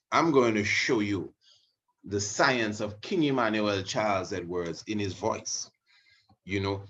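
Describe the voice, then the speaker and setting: With a deep, slightly bright voice, a religious video host rambles through a casual teaching monologue full of asides, frequent you-knows, and restarts. The audio comes across muffled and lo-fi.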